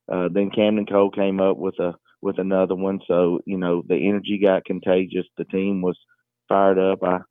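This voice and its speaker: A middle-aged man, a high school basketball coach, talking in a phone interview with many fillers and restarts. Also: dry recording. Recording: tinny phone line.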